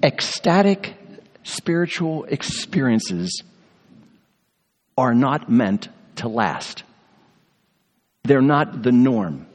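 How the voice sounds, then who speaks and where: A man preaching a sermon in earnest, storytelling fashion, slowing and softening on key words. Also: mid-range voice, very animated. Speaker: pastor. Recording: long reverb of a large hall.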